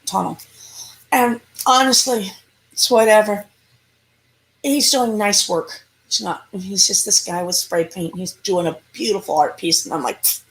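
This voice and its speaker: A woman's voice: mid-range voice, gravelly, low-quality recording. A woman who investigates the paranormal, telling a story in a casual interview and acting out the lines people said. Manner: animated storyteller who acts out quoted lines; casual, conversational, with restarts.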